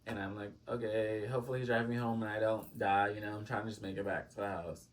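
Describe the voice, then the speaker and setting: A man's voice: fairly low pitch, little pitch movement, quick pace, distant mic. A man telling a storytime vlog, rambling with lots of fillers and dramatic asides to his viewers. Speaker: storytime vlogger. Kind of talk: casual storytime chat.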